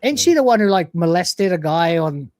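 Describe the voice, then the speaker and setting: A man's voice: high-pitched, big pitch swings, normal speed, darkish tone, no echo. A man hosting a casual livestream, joking crudely while reading out donations, his throat still sore from being sick. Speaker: livestream host.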